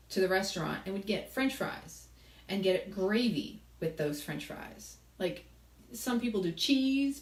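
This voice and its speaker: A middle-aged woman hosting a cooking show, chatting loosely to viewers while she cooks, telling rambling stories and asking for their tips. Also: mid-range voice. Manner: rambling, storytelling, asks viewers for comments. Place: kitchen. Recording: echoey room, mic far off, background noise.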